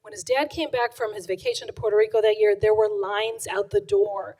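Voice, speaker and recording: A woman co-author giving a chatty, animated book talk to a live audience. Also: medium pitch, brisk, husky, poor audio. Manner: chatty and animated, acts out quotes. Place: event room with an audience.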